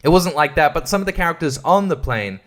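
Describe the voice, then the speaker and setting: A man's voice: on the high side, animated, fast talker, a bit bright. A man hosting a podcast, chatting casually about a film in a rambling, joking and profane way. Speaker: podcast host. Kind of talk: casual film-review chat.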